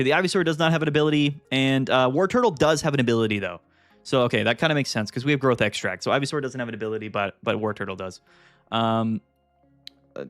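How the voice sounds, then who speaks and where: A man hosting a live card-game stream, chatting casually and getting excited, thinking aloud with lots of fillers. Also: medium pitch, no room sound. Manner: excitable, thinks aloud, frequent fillers, jumps between topics.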